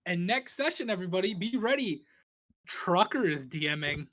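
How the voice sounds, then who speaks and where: A man narrating as game master of an online tabletop game, animated and quick to act out sound effects. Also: high-pitched.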